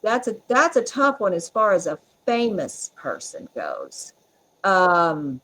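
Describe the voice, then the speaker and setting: A woman's voice: medium pitch, a bit bright, poor audio. Chatty woman guest. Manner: chatty, laughs often, strong-willed. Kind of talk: casual interview chat.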